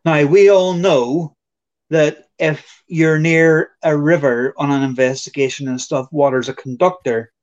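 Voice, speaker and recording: A man's voice: fairly high pitch, steady tone, a little slow, a little mellow, muffled recording. A man co-hosting a casual podcast, building up to a question in a storytelling way. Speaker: podcast co-host. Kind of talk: casual chat.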